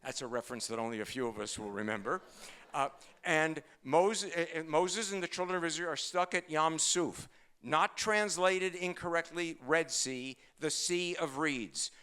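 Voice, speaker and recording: An older man delivers a sermon full of quick asides and jokes. His voice is smooth and sits a bit high for a man. He rattles through his stories at speed. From Brooklyn, New York. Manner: fast-talking, joking, animated storytelling. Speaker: rabbi. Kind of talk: humorous sermon.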